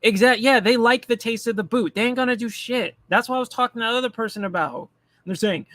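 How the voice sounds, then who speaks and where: Profane, mocking man with a high voice. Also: fast, fairly bright tone, dry recording. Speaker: commentary streamer. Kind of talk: casual political rant.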